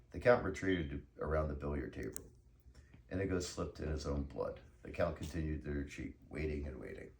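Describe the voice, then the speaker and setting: A man reading a novel aloud in a measured storytelling manner. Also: very deep voice, animated, creaky, darkish tone, a little hiss or hum. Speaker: narrator.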